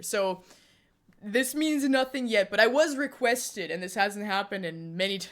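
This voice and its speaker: A woman's voice: medium pitch, expressive, moderate pace. Giggly young woman streamer chatting. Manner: giggly, chatty, answers chat with frequent laughter. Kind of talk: casual live-stream chat.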